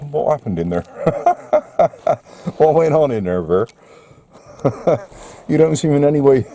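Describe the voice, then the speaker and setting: A man's voice: mid-range voice, warm tone. British man muttering outdoors to his dog. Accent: British English. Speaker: vlogger. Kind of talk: casual vlog talk.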